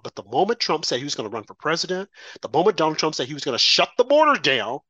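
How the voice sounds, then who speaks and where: A man's voice: fairly high pitch, sing-song, fast talker, sharp tone, husky, dry recording, lo-fi sound. A middle-aged American man hosting a political talk show, delivering an emphatic, repetitive, preachy monologue. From United States. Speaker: host.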